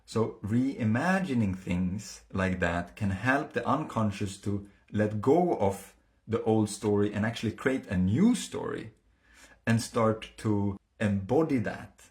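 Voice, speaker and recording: A man with a fairly low-pitched voice tells a personal story in a relaxed, casual way. He speaks earnestly and halts often, with many fillers and restarts as he searches for his words. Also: a little slow.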